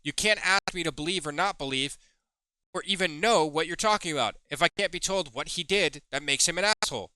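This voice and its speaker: A man's voice: a little high, brisk, noisy background. A man hosting a heated commentary video, reading chat logs aloud and swearing as he accuses someone. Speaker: commentary host.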